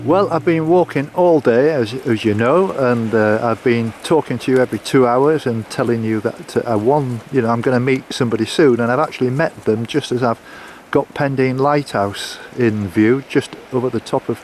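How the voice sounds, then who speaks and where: A man's voice: medium pitch, normal speed, hardly any pauses, a little mellow, slight background noise. Hesitant man vlogging outdoors. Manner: hesitant, many fillers and restarts. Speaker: walking vlogger. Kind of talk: casual chat to camera. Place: outdoors on a coastal path.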